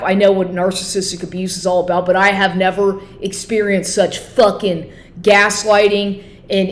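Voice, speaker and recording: A woman venting to camera in an angry, profane rant about being mistreated. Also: medium pitch. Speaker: vlogger.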